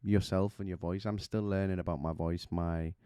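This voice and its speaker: Man, vocal coach; deep smooth voice, dry close sound, teaching with vivid imagery. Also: steady tone, normal speed, warm tone, no room sound. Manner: explains with images and rhetorical questions. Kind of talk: vocal technique lesson.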